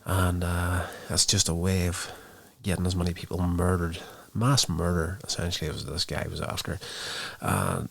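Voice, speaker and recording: A podcast host reviews a movie by casually recounting its plot, rambling and using many fillers. His voice sits low with vocal fry, fairly even intonation, a moderate pace, and a slightly bright tone.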